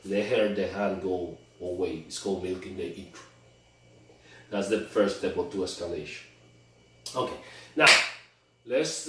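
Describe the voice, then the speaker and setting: A man coaching on dating, talking emphatically and often repeating and restarting his words. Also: fairly low pitch. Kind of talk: instructional monologue. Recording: very echoey room, far from mic.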